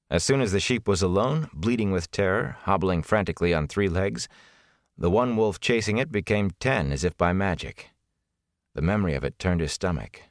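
A man narrating a fantasy novel as an audiobook, measured and expressive. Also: deep voice, no room sound, studio quality.

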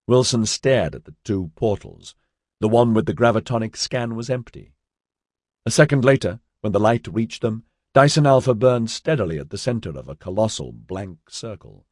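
A man narrating an audiobook in a measured storytelling manner, voicing all the characters. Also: on the low side, animated, a little mellow, dry recording, clean studio sound. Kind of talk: scripted narration.

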